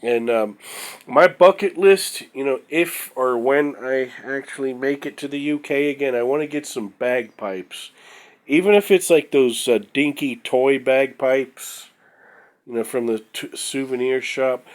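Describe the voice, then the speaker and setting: Man, stuffy nose, slow talker, rambling, lots of fillers, opinionated, casual vlog. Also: mid-range voice. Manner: rambling and hesitant, with many fillers. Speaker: vlogger. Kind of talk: casual show-and-tell vlog.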